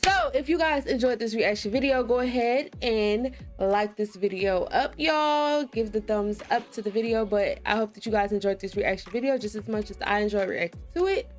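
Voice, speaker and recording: Woman vlogger talking to her viewers after a reaction, kinda high voice, laid back and chatty, faint music behind. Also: normal speed, few pauses. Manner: relaxed, chatty, addresses viewers as y'all. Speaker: reaction video host. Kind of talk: casual chat to viewers.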